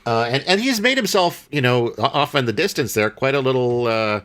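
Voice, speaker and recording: A man's voice: medium pitch, lively intonation, a little fast, a bit bright, a little hiss or hum. A man co-hosting a podcast, recapping a film in casual chat and rambling through many fillers and restarts. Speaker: podcast co-host.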